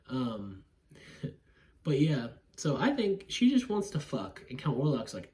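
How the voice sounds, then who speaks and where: A man's voice: mid-range voice, sing-song, unhurried, a little mellow. A man rambling through a casual movie review at home, swearing freely, laughing, acting out scenes, and yawning now and then. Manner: rambling, profane, laughs often, acts out scenes. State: yawning, drowsy.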